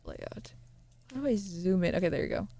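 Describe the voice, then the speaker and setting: A female streamer chats casually with her viewers, excitable and giggly, often leaping into squealy highs. She talks fairly quickly, and there's no room sound.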